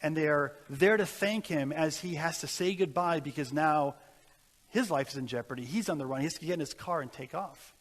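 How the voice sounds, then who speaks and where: A man's voice: fairly high pitch, a little fast, long reverb tail. A man delivering an earnest, exhorting sermon as a guest speaker in a church, telling stories and ending in prayer.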